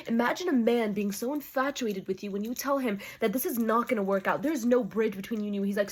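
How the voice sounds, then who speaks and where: A woman's voice: fairly high pitch, fast talker, few pauses, breathy edge. Gushing young woman book vlogger. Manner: gushing, exclamatory, swinging between shrieks and hushed murmurs. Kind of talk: excited reading vlog.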